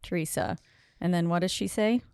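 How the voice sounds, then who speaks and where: Woman chatting on a podcast, low-ish voice, matter of fact, dry close sound. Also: moderate pace, a little mellow, clear, resonant tone, dry recording. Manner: matter-of-fact, adds details. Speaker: podcast co-host. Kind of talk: casual chat recapping a horror film.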